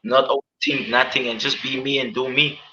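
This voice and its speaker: A man's voice: medium pitch, little pitch movement, moderate pace, pushed and bright. A man being interviewed as an MMA fighter, talking earnestly and casually, repeating his words and often adding "man". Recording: dull, lo-fi sound.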